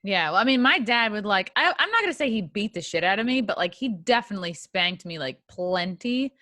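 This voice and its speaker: Young woman podcast host, bright and forceful tone, probing but casual, dry sound. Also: mid-range voice, animated, brisk, dry recording. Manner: laughs often, asks probing questions. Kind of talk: casual interview chat. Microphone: video call.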